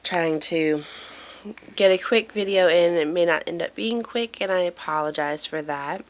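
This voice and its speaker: A woman's voice: on the low side, normal speed. A woman chatting casually in a home vlog, apologetic and rambling with lots of fillers, filming on a handheld phone in a dim room. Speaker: mother giving a family update.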